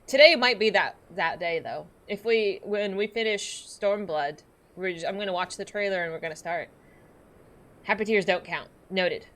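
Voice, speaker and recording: A woman's voice: mid-range voice, normal speed, fairly bright tone. A woman streaming a game, chatting casually and giggling with her viewers. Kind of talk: casual live-stream chat.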